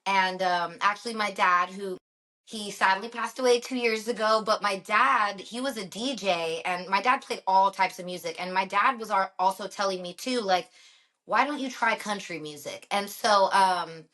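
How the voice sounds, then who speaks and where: A woman's voice: mid-range voice, normal speed, sharp tone. A woman from Los Angeles with a slight country twang, chatting as a guest in an upbeat way and laughing easily. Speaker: guest, singer. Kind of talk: casual interview chat.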